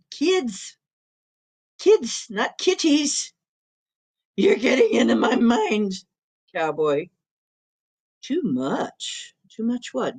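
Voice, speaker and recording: A woman's voice: mid-range voice, a little mellow. A middle-aged woman hosting a live stream in casual chat, rambling and chuckling often as she reads comments and talks to her cat.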